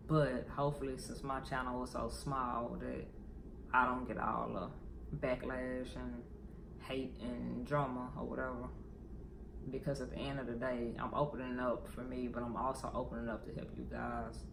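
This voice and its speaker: A man's voice: medium pitch, creaky, background noise. A man talking candidly in a personal vlog, rambling and swearing as he tells a painful story. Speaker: vlogger.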